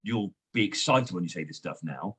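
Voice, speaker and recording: A man, a sales trainer and guest, coaching in a lively, emphatic way. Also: low voice, normal speed, slightly rough. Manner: lively, emphatic coaching with frequent "you know". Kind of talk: coaching conversation.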